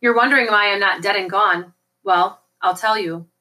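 Woman reading as a treacherous clownish henchman, male, wheedling, leering, bright voice. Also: mid-range voice, moderate pace, lightly acted. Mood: sly. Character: sly treacherous man, clownish servant. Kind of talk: audiobook character reading.

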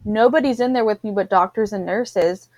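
A woman's voice: mid-range voice, normal speed, dry recording, highs cut off. A woman in casual chat, animatedly telling a personal story and acting out the voices of the people in it. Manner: animated storyteller, acts out what others said.

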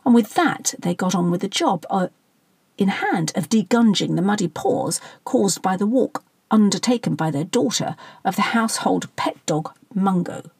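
A woman's voice: normal speed, gravelly, slightly rough, no echo. A woman reading a satirical story aloud as narrator, lifting her voice for the dialogue. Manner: reads dialogue with lively pitch, plain narration between. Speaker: audiobook narrator. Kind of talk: scripted narration.

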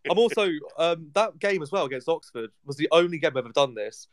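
Smooth-voiced man, dry jokes. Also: on the high side, animated, quick pace, dry recording. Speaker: podcast co-host. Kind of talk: casual chat.

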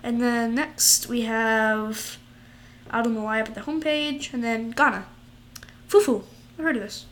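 A woman's voice: on the high side, steady tone, a little slow, a little hiss or hum. A woman in casual chat, reading out dishes with giggles and stumbling over foreign words.

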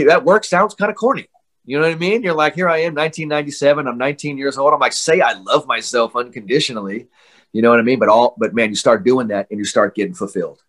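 A man's voice: mid-range voice, fairly bright tone. A man in his forties, a mental skills coach, talking as an interview guest in swaggering, fired-up trash talk full of slang.

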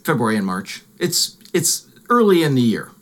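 A man's voice: medium pitch, sing-song, normal speed. A man hosting a podcast in a casual, chatty way, stumbling over his words and laughing often. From Illinois, USA. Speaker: podcast host. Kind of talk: casual chat.

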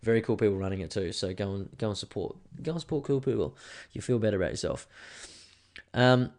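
A man's voice: on the low side, lively intonation, quick pace, darkish tone. A man in his thirties with an Australian accent, hosting a casual solo podcast and telling stories in a laid-back, sweary way. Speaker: podcast host.

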